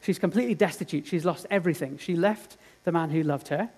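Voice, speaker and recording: A male preacher delivers a sermon as a dramatic, earnest story. His slightly high voice rises loud for the drama and falls to a hush for the tender moments.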